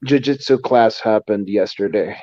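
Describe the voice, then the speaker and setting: A man's voice: on the low side, moderate pace, darkish tone, no echo. Tired man from the Philippines, easygoing podcast co-host, dry dull audio. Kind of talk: casual chat.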